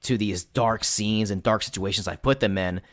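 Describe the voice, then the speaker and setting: Male podcast host and game master, low voice, dry close sound, animated storyteller. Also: normal speed, no echo. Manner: animated, swears freely, voices his players' reactions. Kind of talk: casual storytelling chat. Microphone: voice call.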